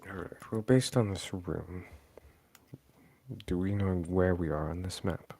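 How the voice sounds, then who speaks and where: A man's voice: low voice, unhurried, dark tone, dry recording. A man playing a tabletop game, cautious and hesitant in what he suggests. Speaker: player. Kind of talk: casual tabletop role-play.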